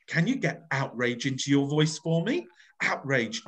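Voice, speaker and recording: A man runs a voice workshop over a video call, coaxing his group with playful, exaggerated demonstrations. His pitch sits a little high and leaps around with lively range. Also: moderate pace. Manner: playful, coaxing, modelling each phrase with exaggerated expression. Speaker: voice workshop leader. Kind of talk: online voice workshop coaching.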